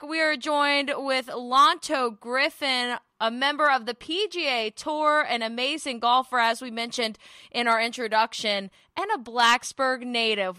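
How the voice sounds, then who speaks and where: A woman co-hosting a podcast, chatting casually in a studio with quick, chatty asides. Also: fairly high pitch, pushed and bright. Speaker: podcast co-host. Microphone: studio mic with headphones.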